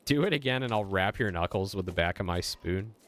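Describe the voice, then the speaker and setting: A bossy older woman baker who scolds and gives orders , as a male streamer puts her on. Her voice sits low and firm. A faint hiss runs underneath. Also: animated, brisk, a bit bright. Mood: scolding. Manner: scolding, commanding.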